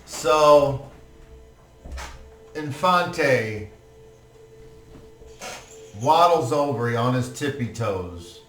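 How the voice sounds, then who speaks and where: Guy running a tabletop game, slow and bright, laughs a lot, echoey room with faint music. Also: medium pitch, lively intonation, distant mic. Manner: laughs often, playful and slow. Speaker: game master.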